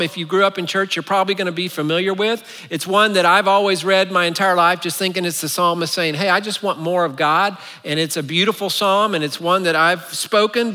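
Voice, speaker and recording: A man's voice: high-pitched, pushed and bright. A male pastor giving a conversational sermon, earnest, with wry asides, in a church sanctuary. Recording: echoey hall reverb.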